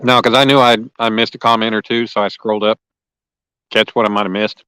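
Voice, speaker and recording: A man's voice: on the low side, flat delivery, a little fast, bright, forceful tone, clean tone, dry recording, rough recording. A man, hosting a fishing livestream outdoors and chatting casually and folksily with viewers by name. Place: lakeside outdoors.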